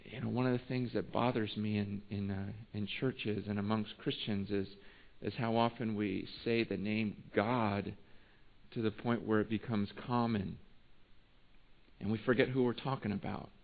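A man preaching a sermon in a conversational way, with restarts, swinging between hushed asides and emphatic lines. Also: fairly low pitch, steady tone, normal speed, gravelly. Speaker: pastor. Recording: tinny phone-like sound.

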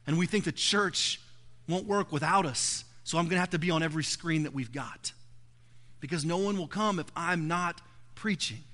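A man preaching a sermon as pastor, emphatic, swinging between loud build-ups and soft, low asides. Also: moderate pace.

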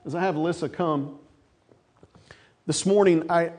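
A man's voice: on the high side, steady tone, a little slow, a little mellow. A man preaching a sermon to his church, folksy, calling the congregation folks and asking for amens. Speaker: pastor.

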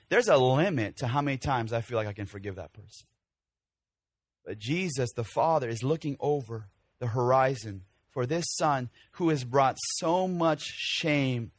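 A man in his forties preaching a casual, animated sermon to a church audience, acting out scenes with sudden shouts. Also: medium pitch, no echo. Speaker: pastor.

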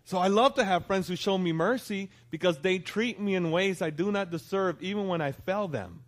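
Male pastor in his thirties, fairly high voice, preaching in a church in a conversational way. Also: normal speed. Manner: conversational preaching, asks congregation for response. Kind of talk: sermon.

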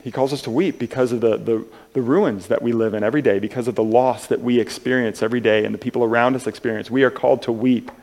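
A man preaching a sermon in an earnest, halting way, with many restarts, moving between soft and loud passages. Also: medium pitch, steady tone. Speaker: pastor.

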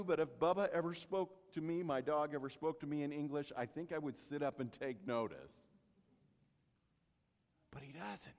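A man preaching a sermon, telling the story with lively acting-out and speaking straight to the congregation. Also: high-pitched, big-room sound. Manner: animated storytelling, addresses congregation directly.

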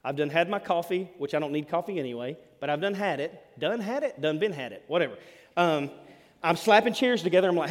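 A preacher with a high, lively voice that leaps up and down as he tells his stories. He booms one moment and drops near a whisper the next. The sound carries a long reverb from a church hall. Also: fast talker. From Alabama. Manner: animated storyteller, swings from loud to hushed. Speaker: pastor. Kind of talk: sermon.

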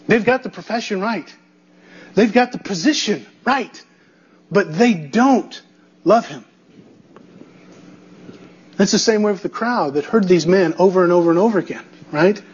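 A man with a high voice preaching a sermon as a pastor. He hammers home his points by repeating key phrases and throwing rhetorical questions at the listeners. The recording sounds dull and a little muffled. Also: husky.

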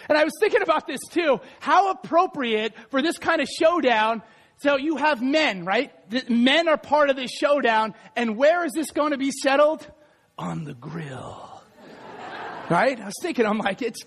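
A man preaching a lively sermon, reading scripture aloud, joking with the congregation and shouting for emphasis. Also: very high voice, big-room sound. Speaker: pastor. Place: church sanctuary.

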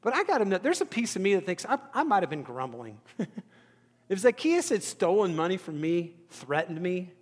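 A pastor preaches a sermon conversationally, poking fun at himself and acting out what the people in his story are thinking. His voice is high-pitched with big swings in pitch and a slightly fast pace, and the hall adds reverb.

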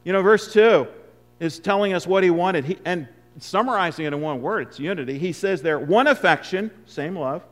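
Guy preaching a bible sermon, kinda high voice, goes loud then drops real quiet. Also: normal speed. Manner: emphatic, swings between loud stresses and hushed asides. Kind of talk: expository sermon.

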